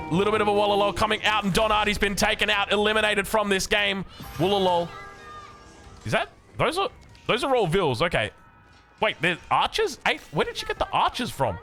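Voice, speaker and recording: A young Australian man casting a strategy video game match, getting excited and rising in pitch as the action picks up. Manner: excitable, rises sharply when action picks up. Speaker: game caster. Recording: faint music behind.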